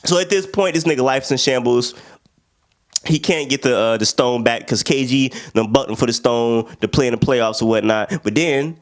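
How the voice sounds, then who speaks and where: A man's voice: mid-range voice, normal speed. A young man giving a casual, slangy film review. He is sleepy and a little sick, and he acts out the characters he quotes.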